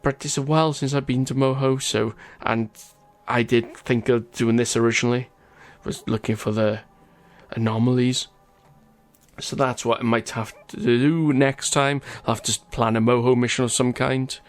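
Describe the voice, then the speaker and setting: A man of middle pitch talks casually through his gameplay and reads out viewer comments. He stumbles over tricky names and laughs at himself as he goes. Soft music plays faintly behind him. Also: fairly even intonation, normal speed. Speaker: gaming channel host.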